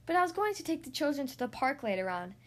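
A woman's voice: sits high, big pitch swings, quick pace. A woman voicing a tired, unwell mother speaking politely in a storybook reading. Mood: weary. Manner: weary, polite.

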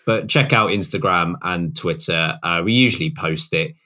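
A man's voice: deep voice, normal speed, pushed and bright. A British man co-hosting a casual podcast, teasing his friends and laughing easily. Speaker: podcast co-host. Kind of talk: casual chat.

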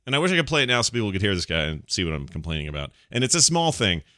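Man, podcast co-host, casual chat, lively swooping pitch, dry close sound. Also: rapid-fire, no room sound. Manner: animated, puts on silly voices for jokes.

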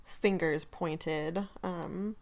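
A woman co-hosting a podcast, chatting about a book in a relaxed, easygoing way. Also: fairly low pitch, drawn-out words. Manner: relaxed, chatty, laughs easily. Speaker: podcast co-host. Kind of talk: casual book discussion.

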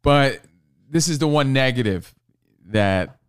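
A man co-hosts a podcast, joking through banter and slipping into mock voices of others. His voice is of middle pitch but moves about a great deal. The recording is close and dry. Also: lively intonation, slow, clean tone, dry recording. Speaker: podcast co-host. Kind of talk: casual chat.

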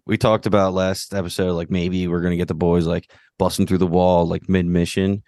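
A man with a very deep voice talks in an easy, relaxed way, padding his sentences with "like". The recording is dry and close. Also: brisk, dry recording. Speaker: podcast co-host. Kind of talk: casual fan discussion.

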